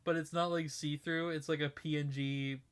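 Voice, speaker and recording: A woman's voice: sits low, fairly even intonation, normal speed, clean tone. A young woman co-hosting a podcast in casual chat, spinning absurd hypothetical scenarios and laughing often. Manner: spins absurd hypotheticals, giggly. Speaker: podcast co-host.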